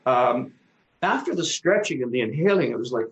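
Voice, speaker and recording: The talk show co-host's medium-pitched voice is brisk and expressive as he casually recounts a vivid personal experience, freely swearing and dramatizing his own exclamations in an echoey room.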